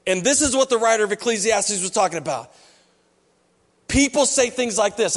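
In a church hall, an animated male pastor whose voice sits high preaches at a moderate pace. He talks to the congregation conversationally and acts out people's words.

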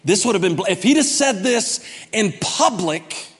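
A man preaching a sermon as pastor, humorous, swinging from soft asides to loud, emphatic bursts. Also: high-pitched, lively intonation, a little slow, slightly rough, long reverb tail.

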